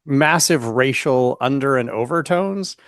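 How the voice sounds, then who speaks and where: A man's voice: mid-range voice, measured pace, a bit bright, no echo, studio quality. A man co-hosting a podcast, chatting casually, asking questions and hedging his points. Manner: questioning, hedging, many "like" fillers. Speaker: podcast co-host.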